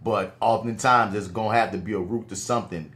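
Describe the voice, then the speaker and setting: A man's voice: fairly low pitch, fairly even intonation, a little fast, fairly bright tone. A man co-hosting a podcast, responding to a story with reflective, casual commentary. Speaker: podcast co-host. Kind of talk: casual chat.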